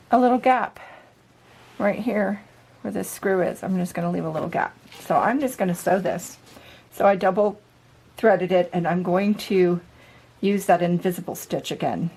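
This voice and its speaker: A woman's voice: mid-range voice, fairly even intonation, moderate pace, long pauses, a little mellow, poor audio. A woman vlogging as she works on a project, chatting casually and thinking aloud in an upbeat way. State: out of breath at times. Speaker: DIY vlogger. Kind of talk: casual talk-through while working. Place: camper interior.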